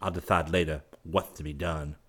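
A man's voice: a bass voice, steady tone, moderate pace, fairly bright tone, husky, heavily acted. A man reading a grim, curt young man. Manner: curt, surly orders.

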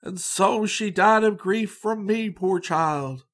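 A man's voice: sits high, slow, fairly bright tone, pitched above the performer's own voice. A man voicing a bewildered, grieving old man in a storybook reading, with a quavering, lamenting delivery.

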